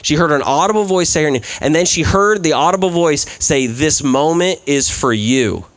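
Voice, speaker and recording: A man with a slightly high voice and lively intonation speaks at normal speed, with no room sound. He's the guest preacher at a church service in an events center, telling his sermon's stories casually, with plenty of "like" and "right?".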